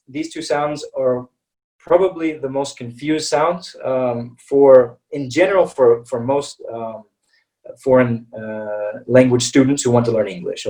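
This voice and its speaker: A man with an American accent teaching English vowel pronunciation in a webinar, patiently modelling each sound slowly and checking in with "okay?" after nearly every phrase. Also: medium pitch, darkish tone, far from the mic, rough recording. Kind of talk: webinar lesson.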